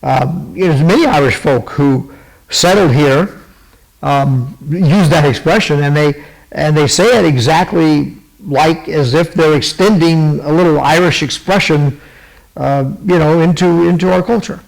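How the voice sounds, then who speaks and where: A man's voice: on the high side, a little slow, vocal fry, poor audio. A man hosting his own podcast, talking casually and rambling with many fillers and restarts, sipping water to keep a cough at bay. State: fighting a cough. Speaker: podcast host. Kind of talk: casual commentary to camera.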